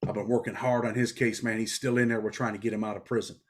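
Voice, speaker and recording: Fast-talking New man, blunt and streetwise. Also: lowish voice, little pitch movement. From New York. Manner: blunt street talk, frequent "man" and "bro". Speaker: interview guest, former prisoner. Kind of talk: casual interview storytelling.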